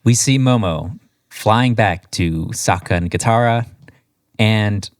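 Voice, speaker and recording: A man co-hosting a casual podcast recap, wry and deadpan with mock voices. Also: lowish voice, slow, no room sound, clean studio sound. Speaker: podcast co-host.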